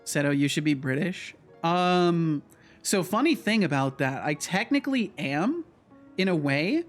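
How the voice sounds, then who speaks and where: A man's voice: on the high side, animated, measured pace, faint music behind. A man from the United States chatting casually with his live-stream audience, rambling, repeating words and laughing often. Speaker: streamer and game developer.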